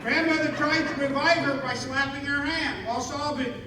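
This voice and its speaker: In a large hall with a live audience, a woman reads a comedy skit script aloud, narrating, directing the actors, and making playful asides to the crowd. Her voice is high and steady at a normal speed, heard from far off.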